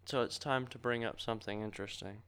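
A man co-hosting a podcast in casual, profane chat, joking and quick to argue. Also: mid-range voice, fairly even intonation, vocal fry, a bit bright, clean tone. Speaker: podcast co-host.

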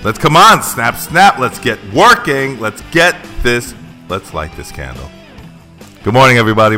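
A middle-aged man co-hosting a casual podcast, joking and playfully bossy. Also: lowish voice. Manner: joking, animated, playful bossiness. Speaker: podcast co-host. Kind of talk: casual banter.

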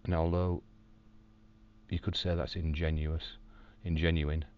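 Deep-voiced man, wry diary. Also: measured pace, muffled recording. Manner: calm, wry storytelling with dry humour. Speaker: video diarist in hospital recovery. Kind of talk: personal video diary. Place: hospital room.

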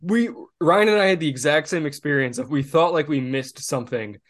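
A man's voice: fairly high pitch, fairly quick. A man co-hosting a casual podcast, laid-back, laughing along and retelling movie scenes. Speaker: podcast co-host.

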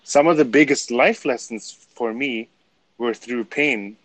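A man's voice: medium pitch, no room sound, low-quality recording. Reflective German-accented man. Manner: reflective, halting, searches for words. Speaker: podcast co-host. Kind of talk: casual chat.

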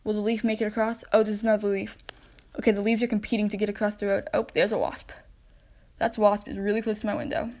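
Speaking fast in a medium-pitched, darkish voice with little pitch movement, a young podcast host chats alone at home. She describes the wildlife outside her window, drifts off topic easily, and addresses the animals themselves.

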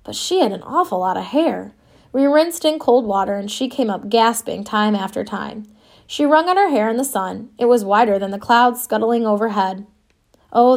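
A woman narrates a first-person audiobook with a wry, wistful touch. Her voice sits somewhat high and her reading flows steadily.

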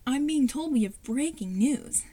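A woman voicing a brisk TV news reporter with a newsreader cadence. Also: high-pitched, lively intonation, dark tone, no echo. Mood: formal.

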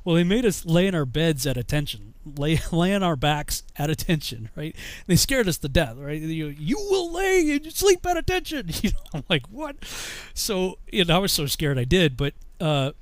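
A man's voice: fairly high pitch, animated, normal speed, hardly any pauses, no room sound. A man telling a funny army story casually, laughing often and saying you know a lot.

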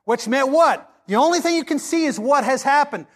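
High-voiced man preaching a sermon. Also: lively intonation, a little fast, a bit bright. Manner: impassioned preaching, dramatic scripture reading. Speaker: pastor.

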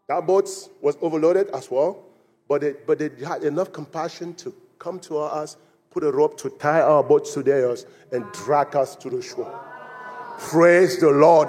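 High-voiced male preacher in a reverberant hall. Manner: animated storytelling, acting out quoted voices with laughter. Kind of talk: sermon. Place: church in Phoenix.

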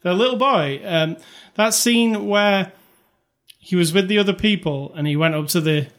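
A man's voice: sits high, moderate pace, fairly bright tone. A man co-hosting a casual movie review chat, rambling and conversational with lots of fillers. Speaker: podcast co-host.

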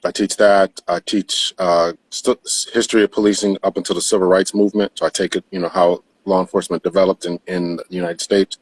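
Lowish-voiced retired police captain, unhurried. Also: male voice, flat delivery, breathy edge, dry recording. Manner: measured, many "uh" pauses. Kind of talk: live podcast interview.

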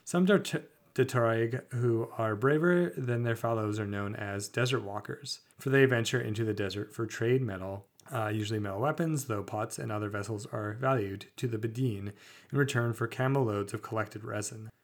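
A man co-hosting a tabletop podcast, reading fantasy lore aloud at a measured, slightly halting pace. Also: on the low side. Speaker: podcast co-host.

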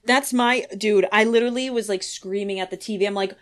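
A woman's voice: medium pitch, steady tone, a little fast. A young woman guest on a podcast, chatting casually, often laughing, exclaiming and acting out quotes. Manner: giggly, exclaiming, acts out quotes. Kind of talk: casual chat.

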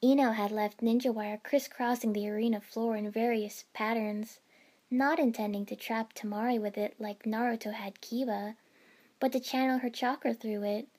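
A woman reading a first-person fan fiction story aloud in a steady storytelling manner. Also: a little high, moderate pace. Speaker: narrator.

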